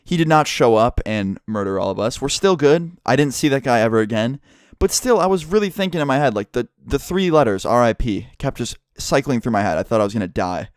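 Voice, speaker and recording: A young man telling a story vlog to his subscribers, animated and profane, swearing freely as he goes. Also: medium pitch, a little fast, smooth, dry recording, clean studio sound. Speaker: YouTuber.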